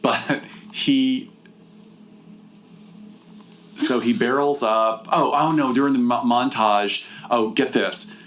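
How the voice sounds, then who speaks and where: A middle-aged man co-hosting a podcast, chatting casually and retelling a film, jumping into high put-on voices to quote characters. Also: slow, pauses often, slight background noise. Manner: animated storyteller, jumps into high voices when quoting characters. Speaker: podcast co-host. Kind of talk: casual chat, retelling a film with acted-out lines.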